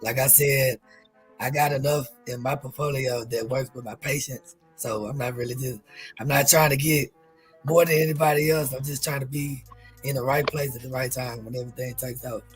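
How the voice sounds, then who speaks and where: A man's voice: mid-range voice, steady tone, normal speed, breathy edge, soft background music. A man from Mississippi, a guest on a live stream, talking in an easygoing, content way. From Mississippi, USA. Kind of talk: casual chat.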